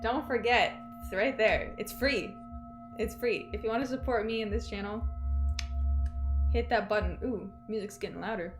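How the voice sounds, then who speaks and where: A woman's voice: a little high, moderate pace, faint music behind. A woman hosting a casual livestream, chatting loosely with many fillers and reading out viewer messages. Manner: chatty, reads out chat messages, lots of fillers. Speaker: livestream host.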